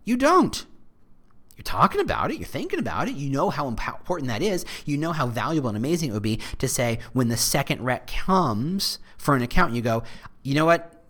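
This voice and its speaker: A man hosting a solo podcast, talking straight to his listeners in a casual, animated way with jokey asides. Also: mid-range voice, a little fast. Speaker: podcast host.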